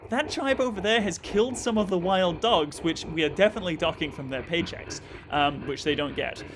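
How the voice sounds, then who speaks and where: A man's voice: high-pitched, brisk, fairly bright tone, slight background noise. A man co-hosting a comedy podcast, rambling in a mock-earnest, newsreader-like way. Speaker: podcast co-host. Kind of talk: comedic improvised banter.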